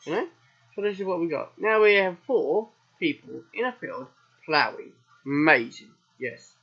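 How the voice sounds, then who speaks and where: A British man hosts a let's play of a farming game, his voice scratchy and husky from a sore throat. He rambles from one aside to the next, often asking a question and then answering it himself. The recording sounds dull and lo-fi. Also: on the high side, expressive, normal speed. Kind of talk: casual game commentary.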